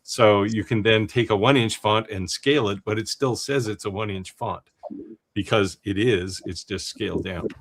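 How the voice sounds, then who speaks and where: A man co-hosting a livestream in casual chat, animated and quick to laugh, explaining things at length. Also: lowish voice. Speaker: livestream co-host.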